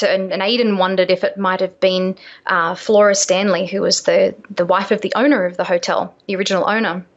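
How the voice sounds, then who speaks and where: Mujer que narra con pausas y titubeos. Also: female voice, medium pitch, dull audio. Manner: hesitant, many uh fillers. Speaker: author and guest. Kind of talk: interview storytelling.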